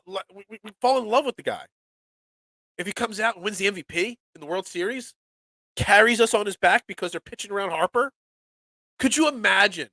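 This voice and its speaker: A fairly high, bright-voiced man with a stuffed-up nose, sounding nasal from a cold. He hosts a sports talk show in an excitable, rambling way, often doubling up his words. The recording is close and dry. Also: dry recording. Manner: animated, excitable, repeats words. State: congested from a cold. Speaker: sports podcast host.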